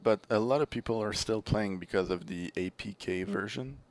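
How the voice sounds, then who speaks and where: A young man with a Canadian French accent, a French speaker, chatting as a guest on a podcast and telling stories in an animated way. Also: on the low side, normal speed, slight background noise. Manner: animated storyteller, laughs easily. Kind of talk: casual chat.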